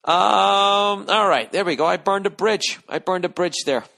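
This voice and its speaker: A man in his forties hosts a solo podcast while lying down at home, his voice high, a little slow, pushed and bright with vocal fry. He rambles and rants in a profane, sardonic way.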